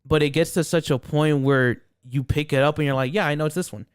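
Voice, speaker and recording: A young man chatting loosely on a podcast, circling his points with restarts and swearing. His voice is smooth and clear. The sound is dry and close. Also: a little high, steady tone, fairly quick, dry recording. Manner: rambling, swears a lot, many restarts. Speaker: podcast co-host. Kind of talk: casual chat.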